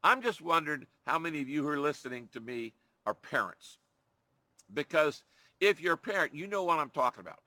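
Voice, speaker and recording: A man delivers an earnest sermon, stressing his points by repeating them and voicing pleading prayers aloud. His tone is bright and forceful, sitting a little high for a man. The sound is close and dry, with no room echo. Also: expressive, fairly quick. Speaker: preacher.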